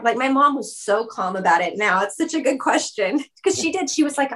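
A woman in an interview, telling a personal story in a chatty way, full of "like" and quick laughs. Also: fairly high pitch, lively intonation, a bit bright. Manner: chatty, fillers of "like", laughs often. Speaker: guest.

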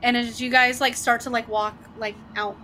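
Game master: a woman, bright and high-ish voice, loose rambling narration full of fillers. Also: flat delivery, moderate pace, a little hiss or hum.

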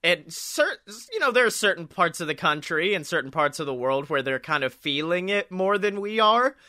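Young man, casual co-host, bright ringing voice, fairly high, jokey with quick impressions. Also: sing-song. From Alabama, US. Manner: joking, does quick impressions, swears. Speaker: podcast co-host. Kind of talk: casual chat.

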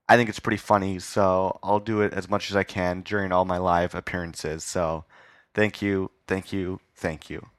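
In a casual live interview staged before an audience, a man running his own podcast rambles, pokes fun at himself and uses filler words. He speaks low-pitched and level at a moderate pace, with a fairly bright tone and no room sound.

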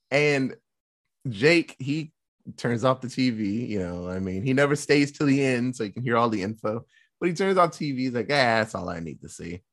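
A man casually recapping a movie plot, swearing and acting out the characters' lines. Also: mid-range voice. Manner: animated storytelling, swearing, mock quoting characters. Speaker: podcast co-host recapping a film. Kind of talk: casual chat.

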